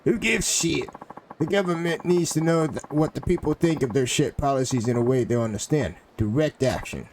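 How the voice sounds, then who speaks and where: A man voicing an angry male street thug in a put-on American Southern accent, rough and scornful, reading out game dialogue. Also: fairly high pitch, moderate pace, darkish tone, slight background noise, voice pushed up, lightly acted. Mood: riled up.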